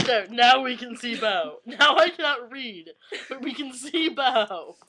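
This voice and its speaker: A young woman with a high voice reads aloud to her webcam for a casual vlog, with a noisy background. She keeps breaking into giggles as she reads.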